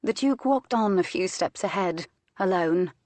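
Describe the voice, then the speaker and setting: A woman narrating an audiobook in a measured, expressive way. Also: on the low side, dry recording.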